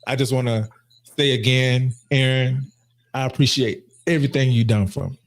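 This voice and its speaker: An earnest man, hosting a relaxed podcast chat. He speaks at a middle pitch and often circles back, repeating words as he restarts his sentences. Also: moderate pace. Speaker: podcast host and barber. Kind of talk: casual heartfelt conversation.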